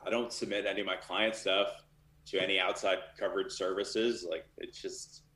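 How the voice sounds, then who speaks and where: A man's voice: low voice, little pitch movement, normal speed, pushed and bright, reverberant. A man talking casually and candidly as a guest in an interview, with lots of fillers. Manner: loose and candid, many fillers. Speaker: literary manager.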